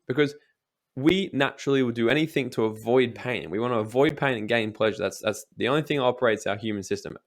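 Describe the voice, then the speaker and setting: Young man, motivational interview guest, emphatic, casual swearing, mid-pitched voice. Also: fast talker.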